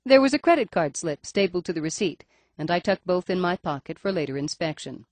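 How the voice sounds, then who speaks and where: A woman's voice: on the low side, very animated, a little fast, darkish tone, no room sound. A woman reading a first-person audiobook in a wry, dry storytelling manner. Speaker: audiobook narrator.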